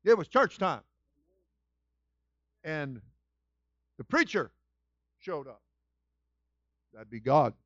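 A man preaching a sermon as senior pastor, with a lively storytelling manner that swings from loud to soft. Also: fairly high pitch, takes it slowly, long pauses, no echo, highs cut off.

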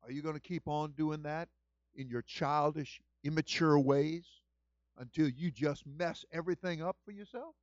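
A man preaching a sermon as senior pastor, moving from quiet storytelling to loud exhortation and repeating phrases for emphasis. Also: a little high, normal speed, no room sound, highs cut off.

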